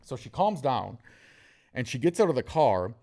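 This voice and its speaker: A man's voice: medium pitch, very animated, moderate pace, vocal fry, dark tone. A man hosting a casual podcast, telling jokey stories and acting out the people in them. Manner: storytelling, jokey, acts out quotes. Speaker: podcast host.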